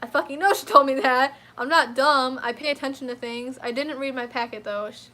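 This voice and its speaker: A young woman telling a profane, animated story in a casual storytime rant. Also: sits high. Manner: profane, animated, quick to flare up. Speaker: vlogger.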